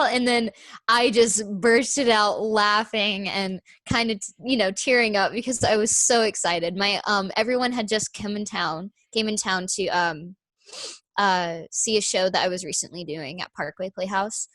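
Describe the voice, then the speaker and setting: A young woman chatting as a guest about her stage work, excited and full of fillers, in a small room on a video call. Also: mid-range voice, a little slow, no room sound. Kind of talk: casual chat.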